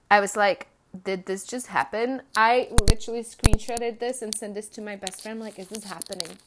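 A woman's voice: on the high side, brisk, fairly bright tone, slight background noise. Candid woman telling her story. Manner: candid, rambling, acts out her own quotes. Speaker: coach and entrepreneur. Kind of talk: personal storytelling talk.

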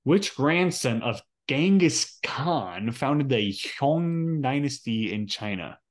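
A man's voice: mid-range voice, lively intonation, takes it slowly. A man co-hosting a casual podcast, reading trivia questions aloud and hesitating often with fillers. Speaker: podcast co-host.

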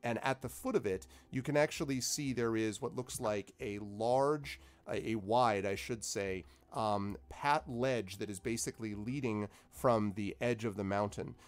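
A man's voice: lowish voice, measured pace, hardly any pauses. A man narrating as game master of a tabletop game, rambling with many fillers.

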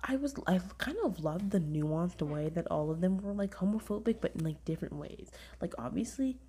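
A young woman hosts a podcast, casually chatting through a review with an animated, rambling retelling full of "like," often dropping to a half-whisper. Her voice is lowish at a moderate pace, with a little hiss or hum.

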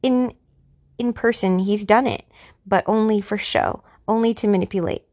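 A woman talking casually about her personal experiences, offering her opinion in a halting way with restarts and fillers. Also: medium pitch, darkish tone. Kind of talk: casual monologue.

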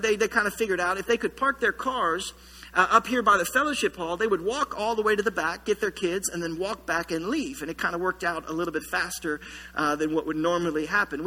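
A man preaching a sermon as pastor in a church, telling a story with lively humor. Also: sits high, long reverb tail. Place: church sanctuary.

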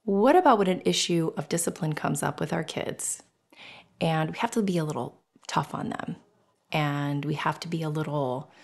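Her voice is deep and gravelly, at a moderate pace: a middle-aged woman hosting a personal podcast. She talks openly and emotionally, swears without restraint, and animatedly performs scenes using whispers and voices.

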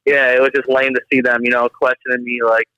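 A young man from the Detroit area, a guest on a casual podcast, telling animated stories packed with filler words. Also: mid-range voice, fast, clean tone, dry recording. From Detroit area, Michigan. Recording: dull, slightly lo-fi dry audio.

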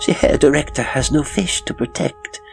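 A man voicing a cold, quietly threatening woman, the circus director's wife. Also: medium pitch, moderate pace, vocal fry, faint music behind, voice pushed up. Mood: coldly musing.

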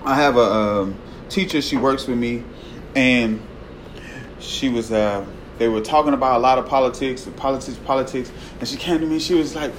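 A man preaching a sermon in a conversational way, often tagging his points with "right?" and swinging from loud emphasis to a hushed voice. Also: medium pitch, normal speed, a little hiss or hum, rough recording. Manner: conversational, tags lines with "right?".

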